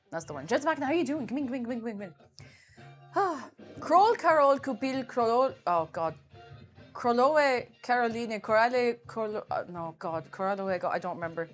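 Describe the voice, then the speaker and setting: A woman's voice: mid-range voice, fairly bright tone. A young woman with an Irish accent, chatting casually on a live stream, rambling and laughing often.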